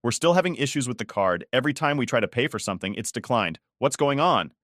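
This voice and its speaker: A man's voice: medium pitch, lively intonation, fast talker, fairly bright tone, no room sound, clean studio sound, pitched above the performer's own voice, natural voice. A man reading the part of a frustrated middle-aged father who snaps and demands help. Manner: tense, snapping.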